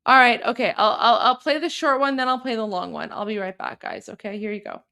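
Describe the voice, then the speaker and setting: A woman with a high voice hosts a casual livestream. She chats in a loose, rambling way, answering her viewers' messages as they come in. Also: a little fast, bright, forceful tone, clear, resonant tone. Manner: chatty, rambling, reading chat aloud. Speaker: livestream host.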